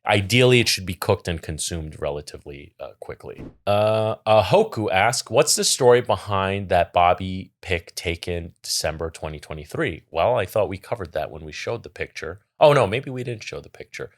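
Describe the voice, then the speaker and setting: A man's voice: low voice, lively intonation, normal speed, few pauses. A middle-aged man co-hosting a casual podcast, giving earnest advice and reading out viewer questions. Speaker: podcast co-host. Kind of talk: casual chat.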